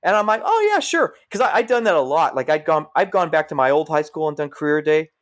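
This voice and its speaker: Talking at a quick pace with a slightly high voice, a middle-aged man who works as a firefighter shares casual stories on a podcast. He's lively about it, performing what other people said in their own voices.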